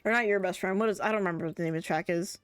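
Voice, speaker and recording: A woman's voice: on the low side, rapid-fire, clean tone, dry recording, studio quality. A woman streaming a game, chatting casually, rambling and laughing often. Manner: rambling, laughs often, trails off mid-thought. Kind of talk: casual live-stream chat.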